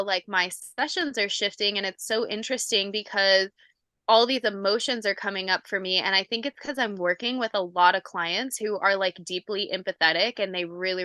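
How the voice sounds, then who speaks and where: Bright animated woman chatting. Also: medium pitch, dry recording. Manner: animated, emotional, says "like" a lot, laughs often. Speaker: podcast co-host. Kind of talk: casual podcast chat.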